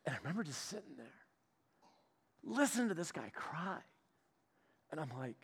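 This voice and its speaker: A young man preaching a sermon, telling a personal story and acting out the voices of the people in it, going from loud to hushed. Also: on the high side, normal speed, pauses often, breathy edge. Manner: animated, acts out quoted voices, shifts from loud to hushed. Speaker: pastor's son preaching.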